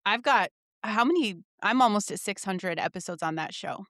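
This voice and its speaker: A woman guest on a podcast, talking candidly and swearing freely as she tells animated stories. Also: medium pitch, moderate pace, no echo, clean studio sound. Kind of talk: candid conversational interview.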